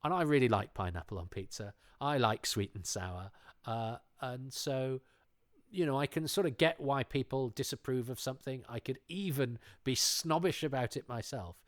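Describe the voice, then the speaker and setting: A man's voice: mid-range voice, normal speed, no echo, clean studio sound. A man chatting casually, enthusiastic and digressive with a self-deprecating streak. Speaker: show panelist. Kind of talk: casual chat.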